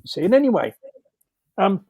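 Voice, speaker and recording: A man's voice: high-pitched, big pitch swings, moderate pace, a little mellow, dry recording. A man telling rambling anecdotes over a video call, laughing often, with many fillers and restarts. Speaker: storyteller guest.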